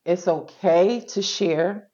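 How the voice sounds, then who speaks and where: Low-voiced woman telling her story. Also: slow pace, warm tone, dull audio. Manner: colloquial and frank, quotes her own past words. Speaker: interview guest, social worker. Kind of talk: candid personal storytelling.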